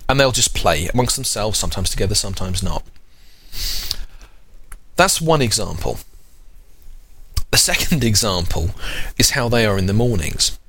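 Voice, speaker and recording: Male podcast host in his thirties, low voice, lively intonation, rambling and self-correcting. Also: moderate pace, long pauses. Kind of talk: casual chat.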